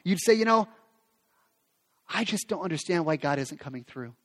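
A man's voice: on the high side, lively intonation, normal speed. A man preaching a sermon as pastor, speaking with passion and acting out quoted prayers. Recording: long reverb of a large hall.

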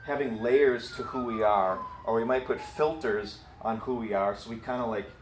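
Brief: easygoing male preacher, mid pitch, in a roomy church hall. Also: moderate pace, a little hiss or hum. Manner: casual, storytelling, self-deprecating. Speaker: pastor. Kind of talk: sermon. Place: church building.

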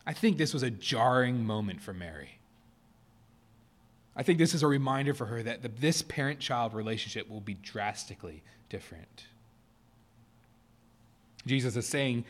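A man preaching a sermon to his church, earnest, pressing his points hard and then dropping to a softer, quieter tone. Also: medium pitch, expressive, moderate pace, long pauses. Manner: earnest, rising to emphatic stresses then dropping soft. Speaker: pastor. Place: church sanctuary.

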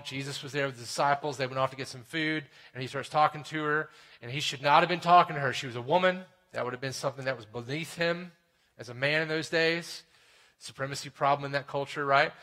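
A man preaching a sermon in a conversational way, often asking "right?" and dropping to a hushed tone for serious points. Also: fairly high pitch. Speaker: pastor.

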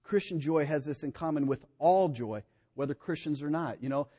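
A middle-aged male pastor preaching a sermon in an animated way, his voice rising and dropping for emphasis. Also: fairly high pitch, moderate pace, slightly rough.

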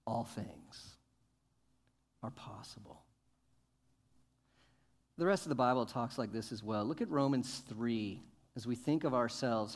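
A male pastor preaching a sermon, asking questions and building to emphatic, loud points. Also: mid-range voice. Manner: rises to emphatic, loud peaks, asks the congregation questions.

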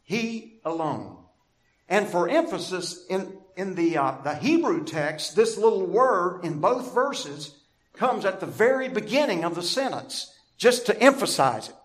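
A man preaching a sermon as pastor, deliberate and emphatic, stressing key words through repetition. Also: high voice, very animated.

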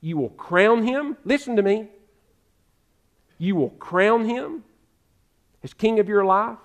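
High-voiced impassioned male preacher. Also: animated, slow, pauses often, muffled recording. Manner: impassioned, swings from loud exhortation to hushed pleading; addresses listeners directly as "friend". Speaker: pastor. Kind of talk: sermon.

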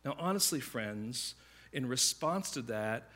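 A man preaching a sermon, telling stories in a conversational way and acting out the voices of the people in them. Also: mid-range voice. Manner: conversational, animated storytelling with quick asides; acts out quoted voices. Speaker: pastor.

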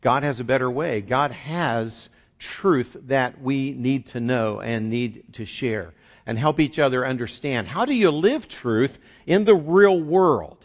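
A man's voice: mid-range voice, expressive, slow pace. A man preaching a sermon as a pastor in an earnest, conversational way, often restarting and repeating words. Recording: dull lo-fi recording.

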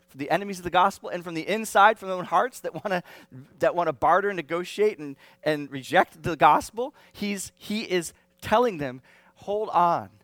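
A pastor preaching a sermon in an animated, conversational way, often restarting his phrases and adding asides. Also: high-pitched, no echo.

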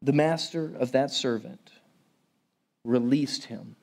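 A man's voice: medium pitch, takes it slowly, vocal fry, a little mellow. A man preaching a sermon in a conversational, emphatic way, with frequent restarts and asides to the congregation. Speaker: pastor.

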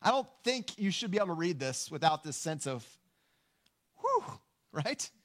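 A man preaching a sermon, earnest and emphatic, slowing down to stress key lines. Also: a little high, very animated. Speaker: pastor.

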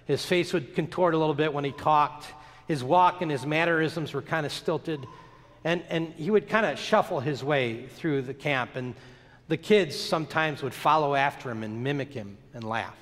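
A man preaching a sermon, telling a story with dramatic, emphatic pauses and a lot of expression. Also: fairly high pitch, a bit bright, in a large hall. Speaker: pastor.

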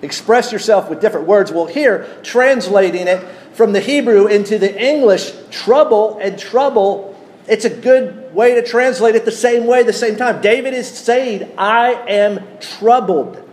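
A man preaching a sermon, teaching at an unhurried pace and putting questions to his congregation. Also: high-pitched, a little mellow. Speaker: pastor.

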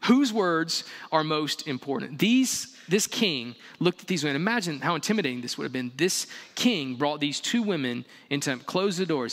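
A male pastor preaches in a large church hall. His voice is bright and forceful and sits a little high. He hammers repeated rhetorical questions and swings between loud and hushed, with a long reverb behind him. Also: lively intonation, moderate pace, few pauses. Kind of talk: sermon.

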